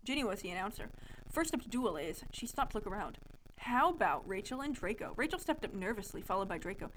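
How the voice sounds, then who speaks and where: A woman's voice: medium pitch, sing-song, fast, a bit bright, slight background noise, poor audio. A young adult woman co-hosting a podcast, reading a childhood story aloud in a playful, amused way. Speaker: podcast co-host.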